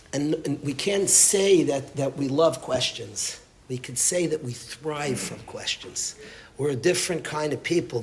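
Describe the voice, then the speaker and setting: A man's voice: medium pitch, slight background noise. A man, a rabbi, giving an impassioned lesson to his yeshiva students and repeating phrases for emphasis. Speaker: rabbi teaching a yeshiva class. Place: yeshiva study hall.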